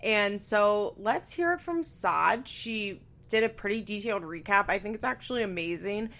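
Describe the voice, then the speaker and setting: A young woman hosts her podcast from a bedroom at home, talking in a loose, chatty way. Her voice is bright and clear, set at an ordinary middle pitch. She keeps up a sarcastic tone, swears freely and laughs between remarks. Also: animated, normal speed. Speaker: podcast host. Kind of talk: casual solo podcast chat. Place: bedroom at home with a fan running.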